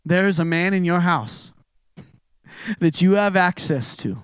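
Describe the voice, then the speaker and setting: A young man delivers a sermon as though talking with friends, with loose fillers and quick asides. His voice sits a little higher than most men's. The sound is dry and close, with no room echo. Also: lively intonation, clean tone. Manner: conversational storytelling with frequent fillers. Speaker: preacher.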